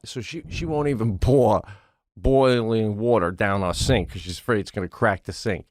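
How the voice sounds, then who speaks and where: A man co-hosting a podcast, telling a story in casual chat, animated and swearing, acting out other people in raised voices, recorded in a home studio. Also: lowish voice, normal speed, no room sound. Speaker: podcast co-host.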